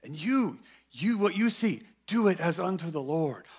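A man preaching a sermon in a church, animated and playful, with emphatic, sudden loud bursts. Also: high voice, moderate pace, slightly rough. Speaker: guest preacher.

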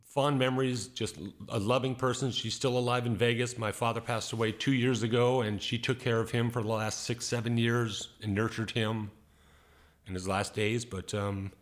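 Man giving a halting spoken tribute. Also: medium pitch, steady tone. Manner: soft and halting, with fillers. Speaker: caller sharing a tribute.

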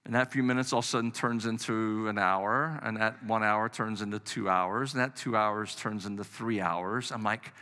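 A man's voice: on the low side, normal speed, hardly any pauses, bright, forceful tone. A middle-aged man preaching a sermon as pastor, earnest and conversational, often restarting his phrases. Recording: long reverb of a large hall.

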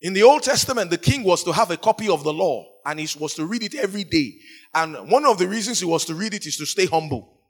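A man with a somewhat high voice preaches in a storytelling style, speaking quickly with lively intonation. He gives voice to the people in his story, surging into sudden emphatic rises before settling back into a quieter tone.

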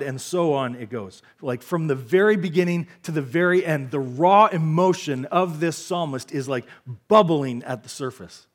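A man's voice: a little high, moderate pace, hardly any pauses. Guy preaching a sermon at church, earnest, repeats lines to drive them home. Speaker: pastor. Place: church sanctuary.

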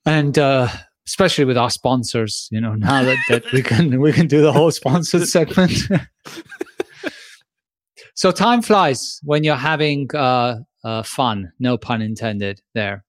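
A man's voice: mid-range voice, a little slow, no echo. A man co-hosting a podcast in casual chat, joking around and throwing in mock sponsor plugs, on a remote call. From Spain. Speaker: podcast host.

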